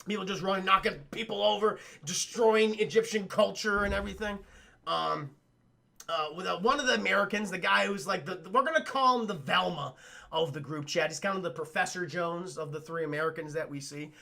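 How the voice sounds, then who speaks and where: A man recaps a film live for his stream chat, animated and full of profanity. His voice sits high with a gravelly edge, and his tone is bright and forceful. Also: a little fast. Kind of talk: casual film recap livestream.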